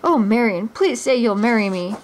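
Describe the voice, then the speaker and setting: A woman's voice: fairly high pitch, animated, moderate pace, darkish tone, lightly acted. A woman voicing a brave, dashing male fox outlaw who speaks with heroic gallantry, in a storybook reading. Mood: tender.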